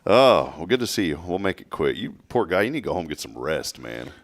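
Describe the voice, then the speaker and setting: A man's voice: sits low, sing-song, quick pace, dry recording. A man hosting a morning show, telling a rambling story and laughing along. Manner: storytelling, laughs at his own jokes, mimics voices. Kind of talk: casual chat.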